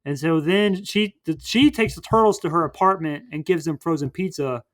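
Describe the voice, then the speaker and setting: A man's voice: a little high, moderate pace, fairly bright tone. A man hosting a podcast, casually recapping a movie in a rambling way full of fillers. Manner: rambling, filler-heavy retelling. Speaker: podcast host.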